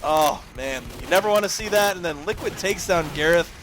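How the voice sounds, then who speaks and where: A man's voice: high voice, fairly quick, a little hiss or hum. A man casting a live online game match, calling plays over a headset and joking with his co-caster. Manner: excitable, joking, rises sharply on big plays. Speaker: esports caster. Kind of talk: live play-by-play commentary.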